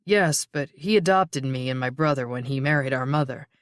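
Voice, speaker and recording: A grieving young man in his twenties, tired and shaky, as the audiobook narrator reads him. He keeps his answers quiet and short. The recording is dry and close. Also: mid-range voice, moderate pace, no room sound, lightly acted. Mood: strained. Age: 20s.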